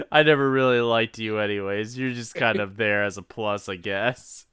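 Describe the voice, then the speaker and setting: A man's voice: on the low side, unhurried, a bit bright, clean tone, no echo, clean studio sound. A man co-hosting a casual podcast, joking profanely and laughing often. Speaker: podcast co-host. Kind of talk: casual chat.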